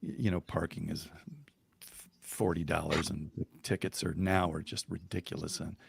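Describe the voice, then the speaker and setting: A man telling a story on a podcast in a lively, chuckling way, with fillers and restarts along the way. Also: deep voice, normal speed, vocal fry, breathy edge, no echo. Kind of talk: conversational storytelling.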